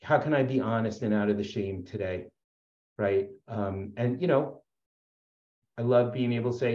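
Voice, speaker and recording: This man's lowish, mellow voice moves at a moderate pace as he shares personally at a recovery support meeting, earnest and rambling, with many fillers and restarts. The recording is lo-fi and roomy.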